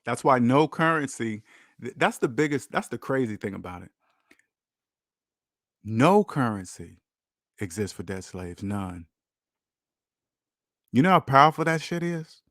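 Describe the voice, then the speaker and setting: A man's voice: mid-range voice, lively intonation, a little slow, long pauses, a bit bright, dry recording, studio quality. A man hosting a finance channel, talking casually and preachily about money and debt, acting out the voices of people he quotes.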